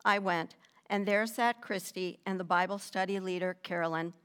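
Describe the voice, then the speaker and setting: An older woman reading her personal faith testimony in a measured, deliberate storytelling manner with gentle emphasis. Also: medium pitch, steady tone, clean tone.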